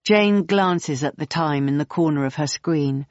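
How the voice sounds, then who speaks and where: A woman reads a novel aloud in the third person, steady and clear. The recording sounds dull and muffled, with no room echo. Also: low-pitched, unhurried. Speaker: audiobook narrator. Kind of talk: third-person audiobook narration.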